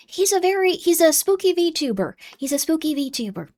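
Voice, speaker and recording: A woman's voice: very high-pitched, very animated, moderate pace, darkish tone. A young adult woman streaming live, chatting casually and bubbly, playfully scolding and dropping into whispers.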